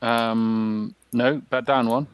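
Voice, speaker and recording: A man's voice: mid-range voice, steady tone, slow, smooth, no echo, poor audio. A man commentating casually on a tabletop game, hesitant with many restarts and fillers.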